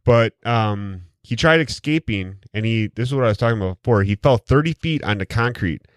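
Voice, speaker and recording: A man's voice: lowish voice, expressive, fairly quick, no echo. A man from Wisconsin hosting a podcast in casual, crude, joking chat. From Wisconsin, USA. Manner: crude, joking, reads quotes aloud. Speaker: podcast host.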